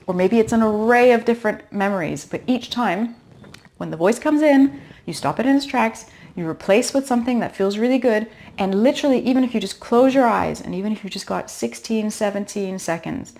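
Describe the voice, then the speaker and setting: A woman's voice: mid-range voice, darkish tone. A woman in her thirties talking straight to camera, giving earnest, encouraging advice to expectant mothers as a pregnancy coach. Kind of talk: direct-to-camera advice talk.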